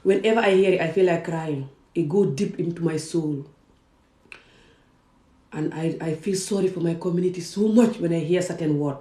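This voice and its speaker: A woman's voice: on the low side, moderate pace, dark tone. A woman from Gambia and Senegal giving an emphatic personal vlog monologue, repeating words for stress. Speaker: vlogger. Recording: roomy echo.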